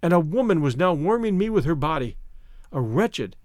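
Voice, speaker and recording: A man's voice: fairly high pitch, sing-song, normal speed, no room sound, clean studio sound. A man reading a first-person story aloud as narrator, in a reflective storytelling manner. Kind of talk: scripted audiobook narration.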